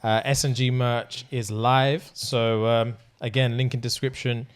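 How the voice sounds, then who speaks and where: A man's voice: mid-range voice, flat delivery, unhurried, smooth. A man co-hosting a podcast, joking crudely and laughing through casual chat. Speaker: podcast co-host.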